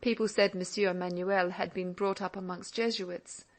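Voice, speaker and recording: A woman narrating a classic novel in an audiobook, measured and reflective. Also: medium pitch, steady tone.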